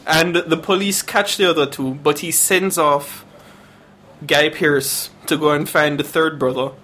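A man's voice: fairly high pitch, fairly even intonation, a little slow, bright, forceful tone. A man co-hosting a casual film review podcast, laughing often and speaking emphatically. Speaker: podcast co-host.

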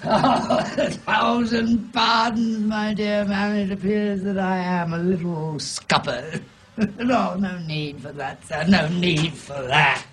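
An actor playing a pompous older adventurer in a film scene, speaking in a florid, theatrical, old-fashioned way. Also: male voice, high voice, fairly even intonation, takes it slowly, a bit bright. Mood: ingratiating. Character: pompous older male drunken frontier adventurer. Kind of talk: film dialogue. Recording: noisy film clip audio.

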